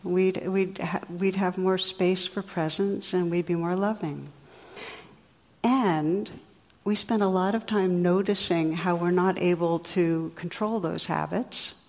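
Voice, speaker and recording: A woman giving a dharma talk as a meditation teacher, gentle and unhurried, with soft reflective pauses. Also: on the low side, long reverb tail, low-quality recording.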